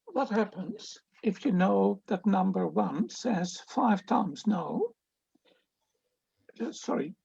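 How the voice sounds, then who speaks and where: A student in an online class slowly putting a question to the teacher, hesitant and partly whispered. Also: mid-range voice, vocal fry, mellow, slightly rough, dry recording, dull audio.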